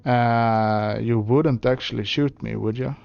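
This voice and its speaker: A man's voice: medium pitch, fairly even intonation, slow, vocal fry, muffled recording, soft background music. A man streaming a game, giving casual commentary with hesitant "uh"s and side remarks. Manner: hesitant, with frequent "uh" and asides.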